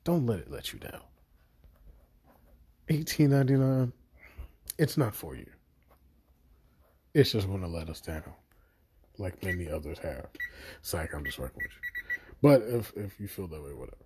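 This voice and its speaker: A man with a lowish, mellow voice tears into a show in a heated video review. He swears freely and sounds exasperated. His rant loops back on itself as he vents. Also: sing-song, moderate pace, pauses often, breathy edge.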